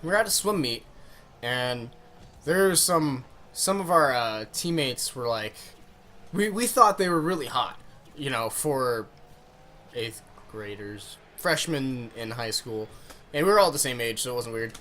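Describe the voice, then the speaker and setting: A man's voice: mid-range voice, animated, unhurried, sharp tone. Rambling young man telling a story. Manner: rambling, swearing, laughing storyteller. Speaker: vlogger. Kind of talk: casual storytelling vlog.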